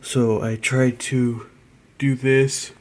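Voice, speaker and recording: Tired, flat-voiced man rambling. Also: medium pitch. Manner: halting and rambling, trails off mid-thought. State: tired, yawning. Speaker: hobby painting vlogger. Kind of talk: casual hobby vlog narration.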